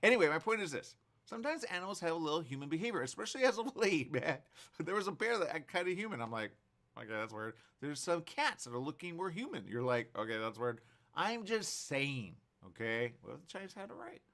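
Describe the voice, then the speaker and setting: In a studio, a morning talk show host talks fast with hardly a pause, his voice pitched fairly high. His casual chat wanders into lively, rambling storytelling built on playful what-if scenarios.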